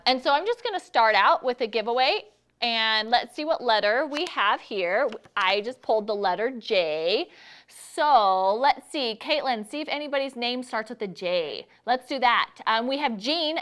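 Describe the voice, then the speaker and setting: A woman hosts a casual live stream with a slightly high voice. She chats loosely and giggles often, greeting viewers and running a giveaway in an easygoing way. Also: expressive, unhurried, a bit bright, clear, resonant tone. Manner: chatty, giggly, reads viewer comments aloud. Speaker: livestream host.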